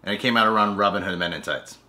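A man's voice: lowish voice, fast, pushed and bright. A man hosting a movie reaction show, chatting casually in a laid-back, profane way. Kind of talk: casual chat.

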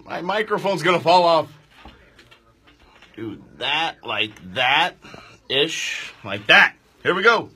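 Fired up guy hosting a live radio show, super bright husky voice, jumps all over in pitch. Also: slow, pauses often. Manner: excitable, loud, jokey, bantering with studio crew. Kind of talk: live outdoor talk radio. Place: radio studio.

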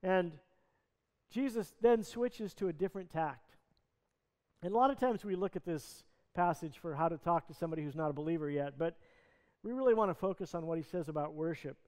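High-voiced pastor preaching in a reverberant church. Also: male voice, brisk, darkish tone. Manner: earnest storytelling, retelling scripture in conversational words. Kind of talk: sermon. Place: church sanctuary. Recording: long reverb of a church hall.

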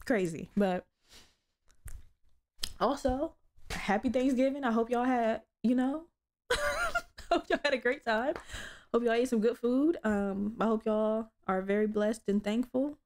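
A young woman hosting her own podcast, telling stories in a blunt, profane, animated way. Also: on the high side, measured pace, long pauses. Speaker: podcast host. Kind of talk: casual solo podcast chat.

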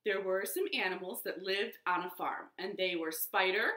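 A woman librarian reading picture books and rhymes to young children from her living room, in a slow sing-song way that coaxes them to join in. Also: medium pitch, sharp tone, echoey room.

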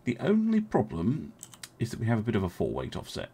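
A young man casually commenting as he streams a strategy game, thinking aloud, chatting with his viewers and filling pauses with many ums and uhs. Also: fairly low pitch, huge pitch swings, dark tone, slightly rough.

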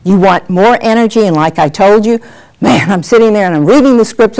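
A middle-aged woman teaching a workshop on presenting on camera, animated and acting out examples as she talks. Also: medium pitch, brisk. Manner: lively, animated, acts out examples. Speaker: on-camera skills coach. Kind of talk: workshop lesson.

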